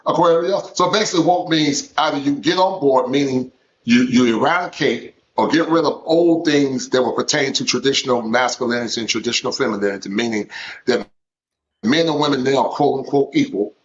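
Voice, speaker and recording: A man's voice: mid-range voice, brisk, a little hiss or hum. A man speaks as a guest in a casual live-stream conversation. He is emphatic and keeps repeating words and phrases to drive his points home. His voice comes through dull, lo-fi stream audio.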